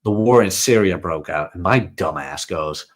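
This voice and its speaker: A man's voice: sits low, animated, normal speed. A man from the Netherlands, a guest coach, telling self-mocking stories in casual chat with swearing and laughter.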